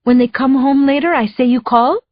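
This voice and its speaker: A woman's voice: sits high, normal speed, dry recording, highs cut off, voice pushed up, close to an everyday voice. A woman narrator voicing a plainspoken accented female housekeeper who talks in simple, broken phrasing. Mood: matter-of-fact.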